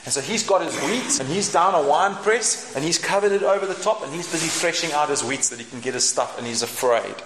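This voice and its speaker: A man preaching a sermon in an animated, humorous way, acting out the voices in the scripture. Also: on the high side, quick pace, few pauses. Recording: echoey room with background noise.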